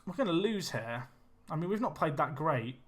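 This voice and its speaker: A young man chatting with his viewers while he plays, excitable and casual. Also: on the high side, normal speed. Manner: chatty, excitable, talks to chat. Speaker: streamer. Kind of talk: live game commentary and chat. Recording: faint music behind.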